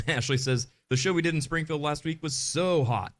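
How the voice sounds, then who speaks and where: A man's voice: a little high, normal speed. A man co-hosting a live podcast, chatting casually and reading viewer comments aloud in an upbeat way. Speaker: podcast co-host.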